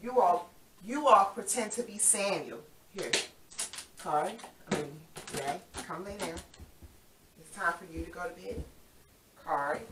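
A woman's voice: fairly low pitch, expressive, a little slow, long pauses, noisy background. A woman leading young children through a Bible story, coaxing and playful as she acts it out. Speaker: children's Sabbath School teacher. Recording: echoey room from far off.

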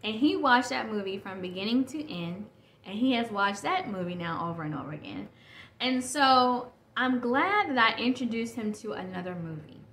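Chatty mom podcaster, echoey room. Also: female voice, a little high, expressive, moderate pace, a bit bright. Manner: rambling, self-correcting, chatty. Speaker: podcast host. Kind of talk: casual solo podcast talk. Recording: echoey room with faint noise.

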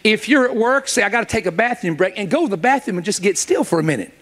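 A man preaching a sermon to a church congregation, telling stories with jokes and quick asides to his listeners. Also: high-pitched. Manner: animated, joking storyteller with quick asides; speaks directly to the audience.

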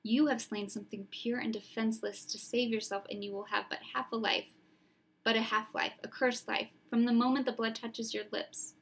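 Woman voicing a solemn young centaur, earnest, measured, slightly high. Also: little pitch movement, fairly bright tone. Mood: grave.

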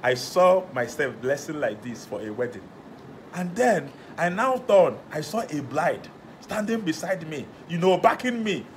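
Comic lead: young Igbo-accented man, high-pitched and boastful, faint hiss behind. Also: a little slow. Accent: Nigerian Igbo. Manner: boastful, rambling, animated. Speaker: comedian. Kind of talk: comedy skit.

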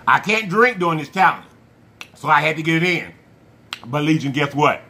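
A man hosting a food challenge vlog, talking to viewers in an animated, playful way with slang and drawn-out hype calls. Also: fairly high pitch, slight background noise. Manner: slang-heavy, addresses viewers as y'all. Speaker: mukbang channel host. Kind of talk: casual vlog talk to viewers.

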